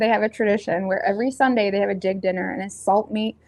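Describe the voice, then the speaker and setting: A woman with a Nova Scotian accent doing a tarot reading in a rambling, casual chat, full of fillers and self-corrections, blunt and quick to laugh. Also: mid-range voice, a little mellow. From Nova Scotia, Canada. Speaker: tarot reader.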